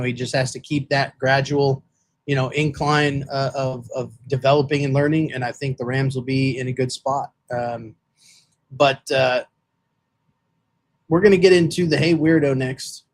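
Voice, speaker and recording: A man's voice: mid-range voice, little pitch movement, moderate pace. A man co-hosting a football podcast, talking in casual chat with lots of fillers and restarts. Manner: rambling, many fillers and restarts. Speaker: podcast co-host.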